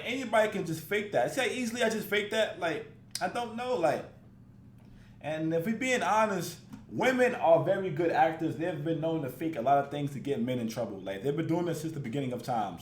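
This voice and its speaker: A man's voice: fairly high pitch, reverberant, slight background noise. A man hosting a reaction video, giving casual, mocking commentary and swearing freely.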